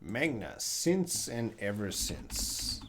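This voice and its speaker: Casting note: male English teacher on a relaxed live stream, low voice, unhurried, sometimes turning away from the mic. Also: background noise. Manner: relaxed, reads viewer questions aloud and explains with examples. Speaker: English teacher answering live chat questions. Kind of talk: casual livestream lesson.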